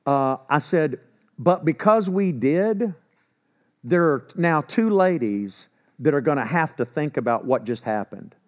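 A man preaching a sermon in an animated way, with sarcastic humor and quiet asides when telling stories. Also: a little high, a little slow. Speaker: pastor.

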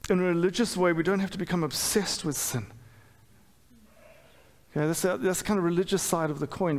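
A middle-aged man delivers a sermon in a fairly high voice. He talks candidly and pokes fun at himself, stumbling through restarts and fillers. His voice rings out with a long reverb in a church hall. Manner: candid, self-deprecating, with frequent fillers and restarts. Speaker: pastor.

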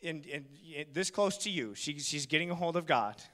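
A male pastor preaching a sermon in a church, telling stories with jokes and building to loud, shouted preaching. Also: on the high side, animated, moderate pace, big-room sound. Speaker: guest pastor.

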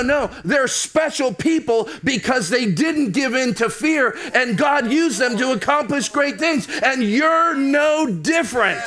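A man preaching a sermon, reading scripture and slowing down and rising for emphasis. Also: very high voice, a bit bright.

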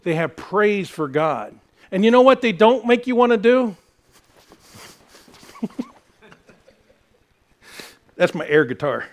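A middle-aged male pastor delivers a sermon in a notably high voice for a man. He teases himself and the congregation in a jokey, self-mocking way before swinging back to earnest praise. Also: very animated, slow pace, long pauses.

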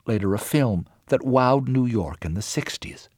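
A man reading scripted documentary narration in a measured, expressive way. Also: dry recording, clean studio sound. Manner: measured, expressive reading with wide pitch swings.

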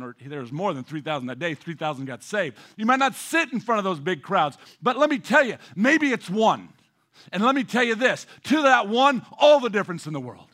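Preaching as pastor in a voice that sits high, this man moves from forceful emphasis to almost-whispered hush, frequently restarting phrases by repeating words.

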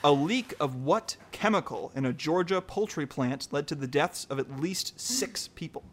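A man with a somewhat high voice hosts a relaxed trivia game. He reads each question plainly, then chats loosely about the answer and laughs easily. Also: normal speed, slight background noise. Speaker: quiz host. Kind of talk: casual quiz show hosting.

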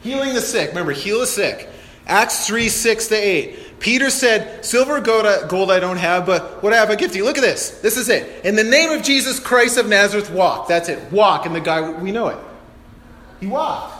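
A man with a notably high voice preaches a lively sermon, acting out the Bible's speakers with energy and laughing at himself. His voice rings through a large hall with long reverb and a roomy echo. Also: moderate pace. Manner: animated, acts out Bible quotes, laughs at himself. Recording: echoey hall.

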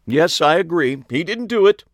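A man's voice: fairly high pitch, expressive, moderate pace, no echo, studio quality, voice pushed up, close to an everyday voice. A man voicing a girlish, sly woman harpist who gushes and drawls her words. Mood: airy.

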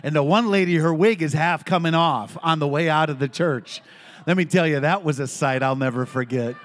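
Male preacher, slightly high voice, lively storytelling sermon delivery. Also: normal speed.

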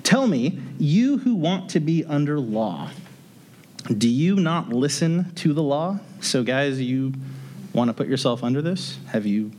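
A man's voice: a little high, big pitch swings, a little slow, a little mellow. Man teaching the Bible conversationally. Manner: conversational, with joking asides. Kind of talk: casual verse-by-verse Bible teaching.

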